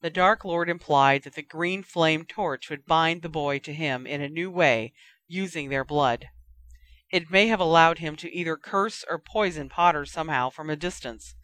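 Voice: medium pitch, moderate pace, a bit bright, dry recording, natural voice. A reader voicing a cold, sullen male professor who speaks curtly and grudgingly.

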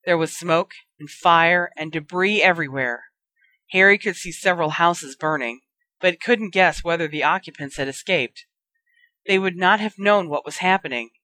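Brief: measured audiobook narrator, clear bright tone. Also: medium pitch, dry recording.

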